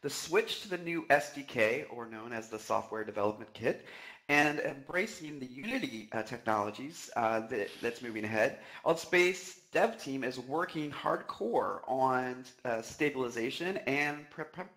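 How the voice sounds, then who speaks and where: A man co-hosting a live news stream, reading announcements in a steady way with frequent fillers. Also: mid-range voice, moderate pace, poor audio. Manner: steady delivery with many "uh" fillers.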